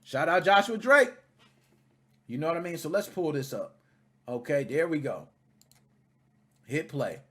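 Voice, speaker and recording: A man hosting a video reaction, talking casually in an animated, profane, indignant way. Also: a little high, a little slow, long pauses, breathy edge.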